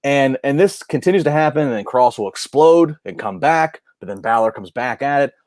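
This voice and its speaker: A man's voice: medium pitch, normal speed, no room sound. Chatty man recapping a match, dry sound. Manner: animated match recap with lots of restarts. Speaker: wrestling podcast co-host. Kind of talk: casual review chat.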